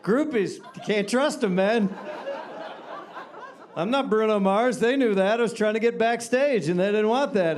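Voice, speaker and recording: A man's voice: sits high, a little slow. A male comedian telling a rambling stand-up bit, chuckling and filling gaps with "uh". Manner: rambling, chuckling, lots of fillers.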